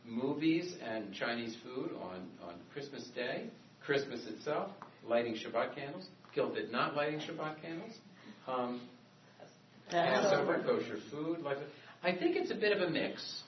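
A man lectures to a class in a loose, conversational style, wandering into asides and restarting sentences. His mid-range voice has lively intonation and a measured pace. The recording is distant, echoey, dull and muffled, with slight background noise.

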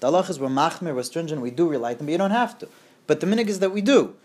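Man, somewhat high voice, Hasidic storytelling, lively, repeats himself, Yiddish and Hebrew terms. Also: very fast. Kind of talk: telling a Hasidic tale. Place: community near Woodmere.

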